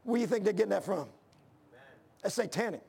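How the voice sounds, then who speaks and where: Gravelly high-voiced fiery preacher man. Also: animated, quick pace. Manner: fervent, rising to near shouts when worked up. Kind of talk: fiery sermon.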